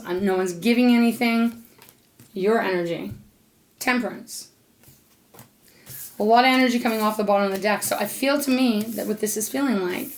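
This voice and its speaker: A tarot reader with a fairly high voice gives an unscripted reading, speaking earnestly straight to her listener. She becomes emotional and protective, occasionally swears casually, and talks aloud to Spirit between cards.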